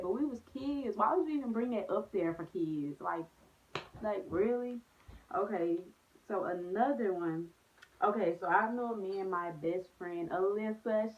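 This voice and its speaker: A young woman chatting casually in a vlog, telling stories with lots of slang and "like"s. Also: fairly low pitch. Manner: animated storytelling with slang and many "like"s. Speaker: vlogger. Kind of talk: storytime vlog, casual chat. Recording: phone-like narrow sound.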